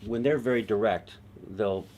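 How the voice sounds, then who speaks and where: A male television writer in an interview, telling an anecdote in an animated way and acting out other people's lines. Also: on the low side, moderate pace, slight background noise.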